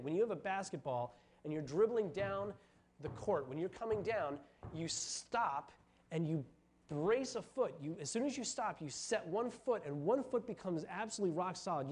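A pastor preaching a sermon, telling a Bible story with animated storytelling and acting out the quoted voices. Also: male voice, sits high.

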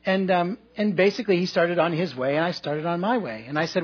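Husky-voiced pastor telling a funny story. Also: male voice, high voice, fairly quick, hardly any pauses, lo-fi sound. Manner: conversational and humorous, with asides to the congregation. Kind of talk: sermon with personal storytelling.

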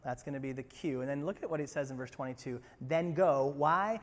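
A pastor preaching a sermon, animated and conversational, with humorous asides. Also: male voice, mid-range voice, fairly quick, big-room sound.

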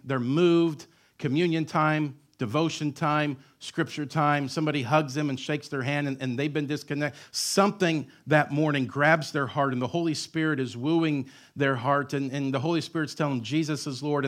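A man's voice: fairly high pitch, a bit bright. A male pastor in his thirties preaching a sermon in a church, with emphatic repetition and joking asides.

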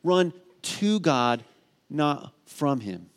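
A man preaching a sermon, telling stories with animated energy and often asking "right?" of his listeners. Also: a little high, very slow. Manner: animated storytelling, rising to near shouting at climaxes; asks the congregation "right?" again and again. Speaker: pastor.

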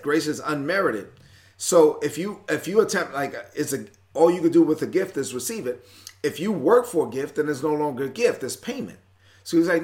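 Impassioned conversational male preacher. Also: on the high side. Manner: conversational, acts out Paul's frustration, rising intensity. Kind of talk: sermon teaching from scripture.

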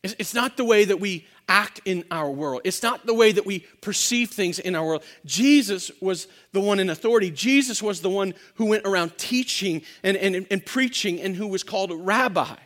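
High-voiced animated male preacher. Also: moderate pace, few pauses. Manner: animated storytelling, acts out quotes, frequent restarts. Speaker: pastor. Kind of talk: sermon.

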